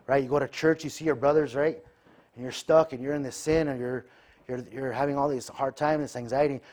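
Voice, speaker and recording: A man's voice: medium pitch, fairly even intonation, fairly quick, a little mellow. A man preaching a sermon in a conversational way, checking in with the listeners by asking "right?" after nearly every point. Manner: acts out everyday conversations in quoted voices.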